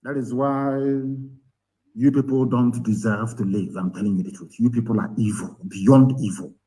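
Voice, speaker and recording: A man's voice: medium pitch, fairly even intonation, normal speed, dark tone, rough recording. A man with a Nigerian accent giving an impassioned live broadcast, angry and scornful, firing rhetorical questions. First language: Igbo. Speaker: activist leader broadcasting.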